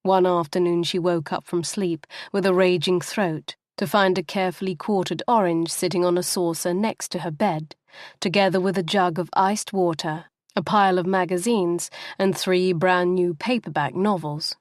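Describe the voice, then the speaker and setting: A woman reading a novel aloud as an audiobook narrator, in an even, measured way. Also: on the low side, dry recording, studio quality. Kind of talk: scripted narration.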